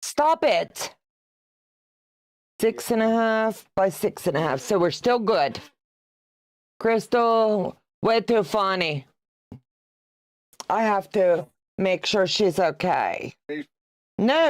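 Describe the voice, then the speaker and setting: Slow and expressive, with long pauses and a medium pitch, this sixty-something quilter hosts a livestream. She sews while chatting casually, teases and greets viewers by name, reads their comments aloud, and laughs a lot.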